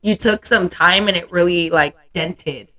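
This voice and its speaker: A woman's voice: on the low side, a little slow, pushed and bright. A young woman hosting a podcast, chatting candidly and laughing easily, with frequent swearing. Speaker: podcast host. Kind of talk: casual chat.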